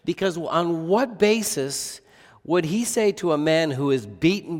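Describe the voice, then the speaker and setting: A man's voice: on the high side, animated, measured pace. A man preaching a sermon as pastor, earnest, often asking the listeners rhetorical questions. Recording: long reverb of a large hall.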